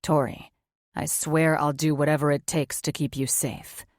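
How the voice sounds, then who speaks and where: Woman playing a protective demon lover, gruff and low, quietly reassuring. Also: little pitch movement, moderate pace, no room sound, clean studio sound, lightly acted. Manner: low, soothing, terse. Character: brooding male demon wolf mate, protective.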